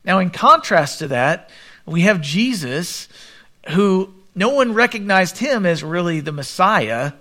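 A man preaching a sermon, reading scripture aloud and commenting, with a quieter, lower voice for the quoted speakers. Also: unhurried. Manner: expressive Bible reading with commentary, drops voice for quoted lines. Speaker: pastor.

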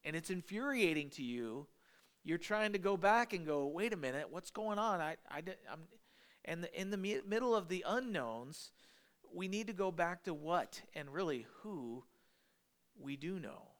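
Preaching to his congregation, a male pastor keeps the sermon lively and conversational, adding emphatic asides along the way. He has a high voice and speaks a little slowly.

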